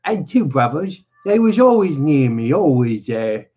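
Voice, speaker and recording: A man voicing a lonely, needling older male stable hand, drawn out and raised in pitch, on a dull lo-fi recording. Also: very animated, moderate pace, breathy edge. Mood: wistful.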